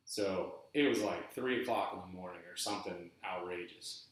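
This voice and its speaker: A man's voice: deep voice, fairly quick, few pauses, very echoey, poor audio. A man telling a story in a loose, rambling podcast monologue, full of fillers and restarts. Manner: rambling, animated, lots of fillers. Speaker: podcast host.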